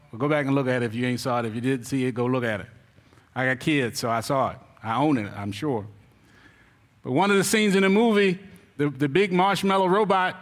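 A man's voice: fairly high pitch, fairly bright tone. A middle-aged male pastor preaching a sermon in a loose, conversational, folksy way, tossing rhetorical questions at the congregation. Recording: long hall reverb.

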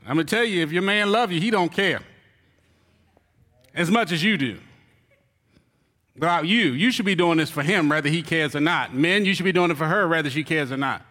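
A man, a church elder, giving a joking, animated sermon on marriage to his congregation. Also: fairly high pitch, brisk, pauses often. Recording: reverberant hall.

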